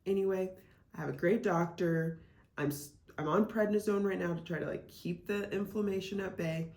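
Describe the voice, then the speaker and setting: A woman from Iowa talks casually to camera about her reselling, her fillers running through every sentence. Her voice sits low with a gravelly edge, and the room around her rings with echo. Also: moderate pace, darkish tone. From Iowa, United States. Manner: chatty, with frequent "like" and "um" fillers. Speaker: reseller vlogger. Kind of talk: casual vlog chat. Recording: echoey room.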